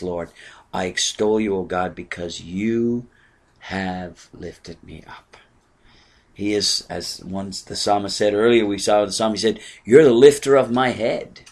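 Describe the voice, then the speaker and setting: Older man preaching an earnest sermon. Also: on the low side. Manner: earnest preaching, swinging from soft asides to raised exclamations. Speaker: pastor.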